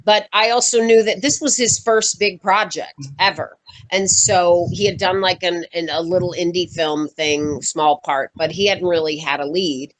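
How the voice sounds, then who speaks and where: An actress being interviewed, telling stories in a lively, casual way, laughing often and acting out what people said. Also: female voice, on the low side, moderate pace, poor audio. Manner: animated, laughs often, acts out quoted voices.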